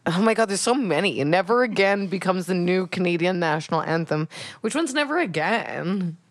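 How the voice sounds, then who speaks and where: A woman's voice: on the low side, lively intonation, moderate pace. A woman hosting a comedy podcast, rambling and sarcastic, often breaking into giggles. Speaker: podcast host.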